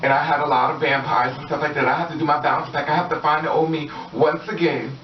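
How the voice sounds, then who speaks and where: A woman's voice: low voice, steady tone, fast, slight background noise. Sassy woman vlogging in an echoey room. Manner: sassy, profane, laughs often, acts out quoted people. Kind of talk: casual monologue to camera. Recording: roomy, distant, dull lo-fi audio.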